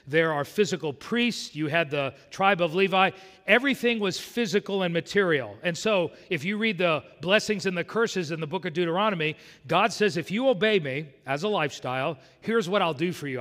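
A man's voice: high-pitched, fairly bright tone. A man preaching a sermon as pastor, voicing scripture with rising force. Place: church sanctuary. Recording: long hall reverb.

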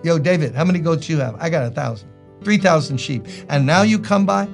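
A man's voice: a little high, lively intonation, brisk, gravelly, faint music behind. A man doing a surly, scornful rich man. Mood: dismissive. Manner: scornful, brushing people off. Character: surly, stingy rich man, male, dismissive.

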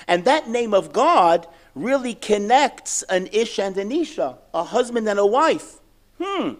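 Animated man teaching a Torah class. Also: sits high. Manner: animated, asks and answers his own questions.

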